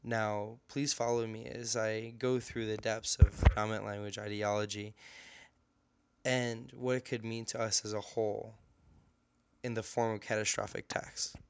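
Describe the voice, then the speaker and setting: A man giving a class presentation in an earnest, slightly halting way. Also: on the low side, flat delivery, slight background noise. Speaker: student presenter.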